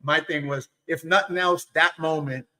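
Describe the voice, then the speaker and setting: A man from New York hosts a video-call webinar and tells stories with animated energy. His voice sits a little high and sounds bright and forceful. He restarts his sentences often. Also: moderate pace, low-quality recording. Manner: animated, with many restarts and "you know". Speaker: webinar host. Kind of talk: casual storytelling chat.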